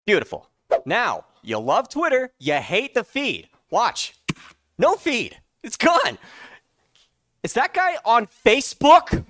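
A man playing a loud, pushy infomercial pitchman in a parody ad video. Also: exaggerated voice. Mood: hyped. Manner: loud, pushy sales patter. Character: hyped-up male infomercial pitchman.

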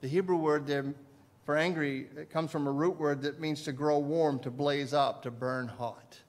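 A man preaching a sermon as pastor, swinging between loud emphasis and quiet asides and putting questions to his listeners. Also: a little high, steady tone, normal speed. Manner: asks the congregation questions.

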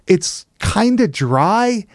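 A man's voice: sits high, sing-song, drawn-out words, dry recording, studio quality. A man co-hosting a casual movie podcast, laid-back and rambling, with lots of fillers and swearing. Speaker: podcast co-host.

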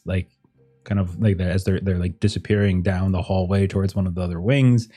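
A man narrating scenes as game master, in a casual, rambling way full of fillers. His voice is low and mellow. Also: breathy edge.

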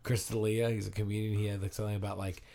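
A man's voice: lowish voice, flat delivery, rapid-fire, gravelly, warm tone. Man joking as podcast co-host. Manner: jokey, short interjections. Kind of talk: casual banter.

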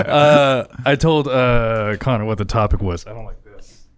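A man's voice: mid-range voice, takes it slowly, clean tone. A man co-hosting a casual comedy podcast who talks with dry, wry quips. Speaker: podcast co-host.

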